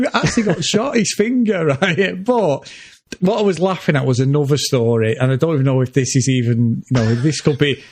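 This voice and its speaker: A man's voice: on the high side, fairly quick, a little mellow, husky. A man co-hosting a podcast, telling a family story in casual chat, laughing often and swearing freely. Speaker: podcast co-host.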